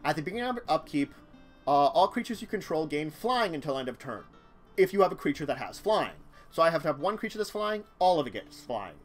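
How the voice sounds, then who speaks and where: Guy on a stream rambling thru his card deck, kinda high voice, faint music behind. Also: sing-song, brisk. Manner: rambling, chatty, talks to chat, chuckles. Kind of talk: casual live-stream commentary.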